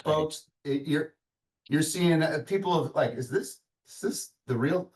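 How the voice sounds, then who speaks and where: A man of middle pitch hosts a webinar over a video call. He rambles and restarts, and he sounds a little off-mic. His voice carries in a roomy, echoey space. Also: darkish tone, distant mic. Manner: rambling, halting, full of restarts. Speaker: webinar host. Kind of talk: casual webinar chat.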